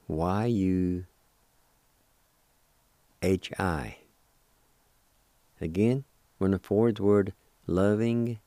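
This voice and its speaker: A man hosting a radio language lesson, spelling and pronouncing each word slowly and patiently, repeating it several times. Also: low voice, warm tone, dry recording. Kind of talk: slow spelling and pronunciation lesson.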